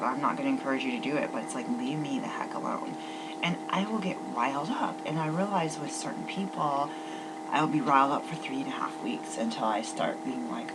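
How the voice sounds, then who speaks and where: A woman rambling through a personal vlog, often dropping into whispered asides. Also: very deep voice. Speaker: vlogger. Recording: loud background noise and hum.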